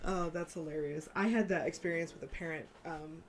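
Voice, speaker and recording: A woman's voice: deep voice, fairly even intonation, fairly quick, noisy background. A woman who works as a teacher, co-hosting a podcast in a casual, reflective way and laughing often. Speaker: podcast co-host.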